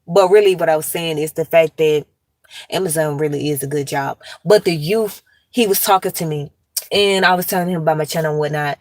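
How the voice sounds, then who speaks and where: A young adult woman from the United States rants in a blunt, profane, emphatic way, like a casual commentary vlog. Her voice sits a little low for a woman. The sound is dry and close, with almost no room echo. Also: fairly even intonation, a little fast, a little mellow. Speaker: commentary vlogger.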